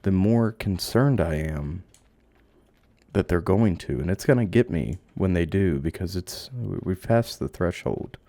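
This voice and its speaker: A man giving animated let's play commentary, exclaiming and joking as he plays. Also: low-pitched, unhurried, dry recording. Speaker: game commentator.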